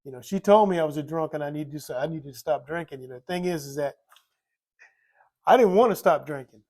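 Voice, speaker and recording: An older man telling the story of his recovery from alcohol in a rambling, candid way, repeating himself and filling pauses with "you know". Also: on the high side, darkish tone. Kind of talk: candid personal testimony.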